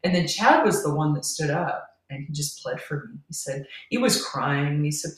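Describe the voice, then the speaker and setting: A woman's voice: deep voice, animated, moderate pace, few pauses. A middle-aged woman, a podcast guest, earnestly telling a personal story and laughing between lines. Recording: roomy, distant from the mic.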